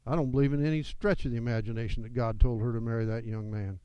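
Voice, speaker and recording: A man's voice: medium pitch, fairly even intonation, fast, clear, resonant tone, no room sound, muffled recording. Man, pastor, emphatic sermon, resonant tone, dry close sound. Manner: emphatic preaching with rising and falling delivery.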